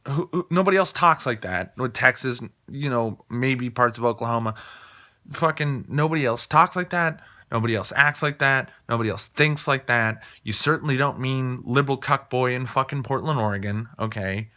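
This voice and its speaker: A man's voice: mid-range voice, normal speed, bright, forceful tone. A man from Colorado delivering a heated, profane opinion rant, hammering points home by repeating phrases. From Colorado, USA. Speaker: political commentator.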